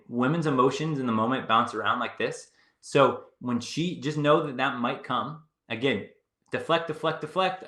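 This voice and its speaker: A man's voice: mid-range voice, sharp tone, roomy sound. A young adult man giving casual dating advice in a confident, breezy, repetitive way. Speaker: dating coach. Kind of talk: casual coaching chat.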